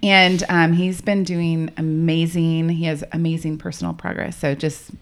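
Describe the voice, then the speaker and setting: A woman co-hosting a podcast, chatty and quick to laugh. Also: deep voice, flat delivery. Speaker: podcast co-host. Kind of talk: casual chat.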